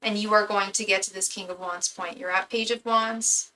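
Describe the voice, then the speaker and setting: A woman's voice: medium pitch, steady tone, normal speed, bright, forceful tone, slight background noise, rough recording. A woman tarot reader giving a live reading to her chat in a casual, chatty way, often stumbling and repeating words as she talks.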